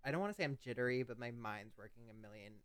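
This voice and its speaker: A young man co-hosting a podcast, talking in a playful, animated way that jumps between loud outbursts and quiet asides. His voice is smooth and clean at a middle pitch. It is recorded dry and close. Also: racing, dry recording. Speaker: podcast co-host. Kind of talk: casual chat.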